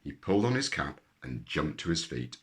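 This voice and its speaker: A man reading a children's story aloud with lively, expressive narration. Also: a bass voice, moderate pace.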